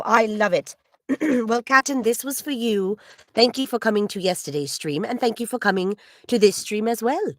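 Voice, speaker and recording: A woman chats with her stream viewers while sketching at home. Her voice swings up and down a lot, and she sounds courteous and a little old-fashioned in her wording. The sound is dry, with no room echo. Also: medium pitch. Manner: polite, slightly formal wording; chatty, with frequent little laughs and throat clearing. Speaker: voice actor hosting a livestream signing. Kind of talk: casual livestream chat.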